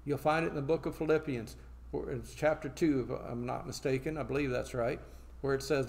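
A man preaching a sermon, reading scripture slowly and then explaining it in plain talk, asking and answering his own questions. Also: medium pitch, fairly even intonation, creaky, a little mellow.

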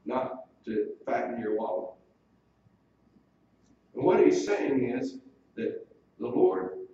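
Male pastor, earnest sermon delivery, mellow tone, miked from afar in a big echoey room. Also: mid-range voice. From United States. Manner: earnest preaching, quotes scripture in old wording. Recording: distant mic in a very echoey room, dull lo-fi sound, faint hiss.

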